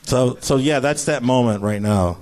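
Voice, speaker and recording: Male guest, easygoing storyteller, filler-heavy, medium pitch. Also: moderate pace, darkish tone. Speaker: podcast guest. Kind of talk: casual comedic chat.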